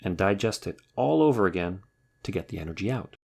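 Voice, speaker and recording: A man's voice: deep voice, expressive, fairly quick, creaky, husky, full character voice. A man voicing a grumpy, indignant male rabbit in a storybook reading. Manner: sulky, exclaiming, indignant. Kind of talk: storybook character voice.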